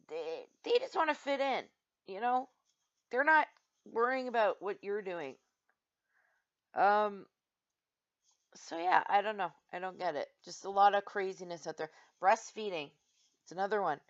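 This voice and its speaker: A woman vlogger telling a story and ranting in an exasperated, animated way, full of "like"s. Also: mid-range voice, normal speed. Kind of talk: casual ranting monologue. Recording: slightly dull lo-fi sound.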